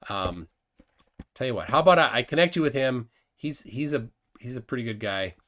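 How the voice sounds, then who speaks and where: A man's voice: mid-range voice, animated, fairly quick, a bit bright. A man hosting a casual live stream, reading viewer comments aloud and questioning his guest. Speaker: host.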